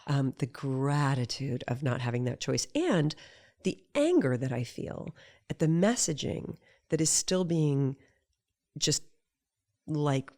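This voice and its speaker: A middle-aged woman, a guest in a casual conversation, talking in an animated way and acting out quoted voices as she tells her stories. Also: deep voice, slow pace. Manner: animated storyteller who acts out quoted voices.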